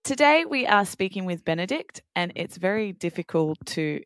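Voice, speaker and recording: An Australian woman hosting a podcast, explaining clearly and deliberately before interviewing a guest. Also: medium pitch, very animated, a bit bright, dry recording, studio quality. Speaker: podcast host.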